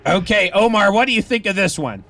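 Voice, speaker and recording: A man's voice: sits high, expressive, fairly quick, sharp tone, faint music behind. A man hosting a morning radio call-in show in the studio, upbeat and announcer-like. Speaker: radio DJ host.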